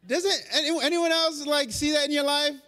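High-voiced preaching man in a reverberant church. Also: normal speed. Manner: animated preaching, shifting between loud and hushed delivery. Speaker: pastor. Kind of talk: sermon. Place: church sanctuary during a live service. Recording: long reverb of a church hall.

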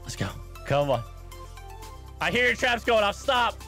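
Casting note: young male gamer, high, lively voice, nonstop play-by-play, faint music underneath. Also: unhurried. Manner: play-by-play self-commentary, groaning and laughing at mistakes. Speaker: gaming co-host. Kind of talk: excited gaming banter.

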